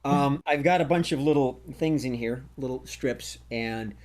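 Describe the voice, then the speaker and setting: A man's voice: medium pitch, unhurried. A man hosting a live online improv comedy show, joking and laughing as he runs the games. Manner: lively, laughing, joking emcee. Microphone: video call.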